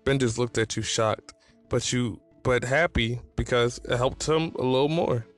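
A man reading fan fiction aloud in a plain, even way. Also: mid-range voice, normal speed, soft background music. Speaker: reader.

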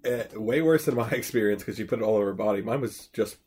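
A young man co-hosting a podcast in a loose, rambling way. His voice sits a little low, and his talk is packed with swearing and filler words. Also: quick pace, a little mellow, slight background noise. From Irish background, from a white suburban area. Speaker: podcast co-host. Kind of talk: casual podcast chat.

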